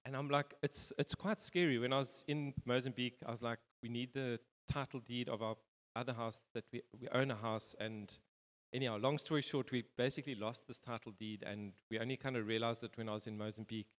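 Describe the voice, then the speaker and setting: Male pastor, loose conversational preaching, mid-pitched voice, long church-hall echo. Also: steady tone, fairly quick. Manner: rambling, informal, many fillers and restarts. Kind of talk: conversational sermon.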